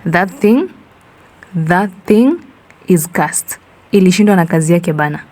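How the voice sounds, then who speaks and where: Woman voicing a frantic young man, storytelling, rapid slangy outbursts, low mellow tone. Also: lively intonation. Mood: panicked. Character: panicky young Kenyan office man.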